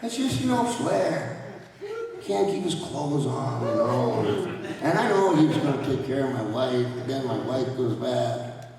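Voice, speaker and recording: A man's voice: medium pitch, lively intonation, measured pace, creaky, crowd noise. A man telling rambling stories as a panel guest, laughing often as he talks, in a large convention hall. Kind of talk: anecdotal storytelling at a fan panel. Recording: echoey hall, voice from far off.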